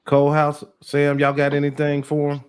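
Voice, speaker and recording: A man's voice: a little high, monotone, moderate pace, clean tone. A man hosting a podcast, chatting casually and backing up his guest with short replies. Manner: easygoing, short affirmations. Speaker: podcast host. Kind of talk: casual chat.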